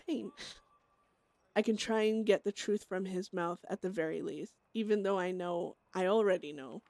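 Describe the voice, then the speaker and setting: A woman voicing a troubled outlaw woman who hears voices and craves drugs, speaking her thoughts in a quiet, halting inner monologue. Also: fairly low pitch, no room sound. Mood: torn.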